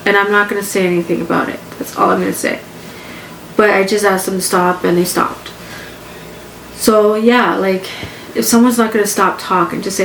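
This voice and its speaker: A woman's voice: mid-range voice, steady tone, normal speed, gravelly, fairly bright tone. A woman hosting a personal podcast from her living room, talking candidly in a rambling way and often repeating herself. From Canada. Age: adult with grown children. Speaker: podcast host. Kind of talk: casual personal podcast monologue. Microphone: home podcast mic setup. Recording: echoey room with faint background hum.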